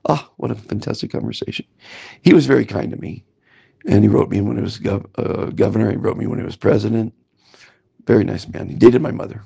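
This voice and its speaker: Gravelly older man rambling. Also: lowish voice, brisk, dark tone. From Southern California, United States. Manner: meandering, self-promoting, with wry asides. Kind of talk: rambling personal monologue. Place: currently in Antigua.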